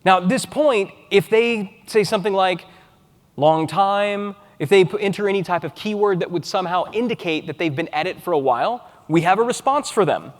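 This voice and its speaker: A man giving a conference keynote, speaking in an animated way and acting out sample chat lines with a rising inflection. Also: sits high, normal speed. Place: large conference hall. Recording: long hall reverb.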